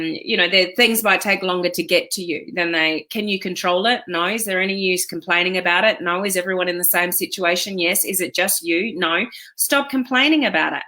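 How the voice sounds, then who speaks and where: Chatty and encouraging, a woman coaching businesses online offers casual motivational advice to her community, her speech thick with fillers and quoted self-talk. Her voice is on the low side, bright and forceful.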